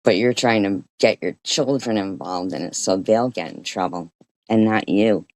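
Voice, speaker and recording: A woman streaming an angry reaction, scolding and swearing in a profane rant, with frequent throat clearing. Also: very deep voice, moderate pace, a little mellow.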